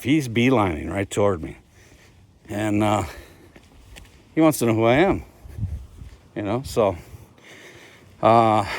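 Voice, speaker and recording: Chatty man telling a story. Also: medium pitch. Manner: chatty, keeps adding "all right?". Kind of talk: casual storytelling. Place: at home, dogs barking nearby.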